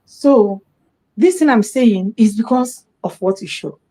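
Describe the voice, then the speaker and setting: A woman's voice: medium pitch, measured pace. A middle-aged woman with a Nigerian accent, a guest on a live talk program, telling a personal story and acting out what other people said. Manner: animated, acts out the quoted voices of others.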